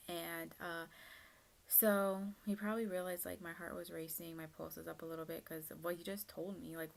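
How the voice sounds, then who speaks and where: A woman's voice: lowish voice, gravelly. A young woman in her twenties telling a personal story in a chatty, casual way, full of fillers. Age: young adult. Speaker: vlogger.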